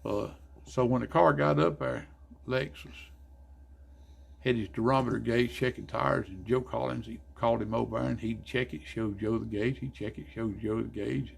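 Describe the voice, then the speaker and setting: An older man, a guest telling racing stories in a folksy, animated way, acting out the dialogue. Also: mid-range voice, moderate pace. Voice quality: gravelly, husky. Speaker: guest, former racer and car builder. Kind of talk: casual storytelling interview.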